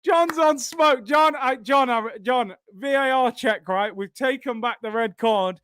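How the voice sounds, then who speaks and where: Man, young adult, football watchalong streamer, excitable, high voice, dry close sound. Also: unhurried, clear, resonant tone, no room sound. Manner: excitable, shouts and repeats himself at big moments, banter with chat. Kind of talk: live match reaction.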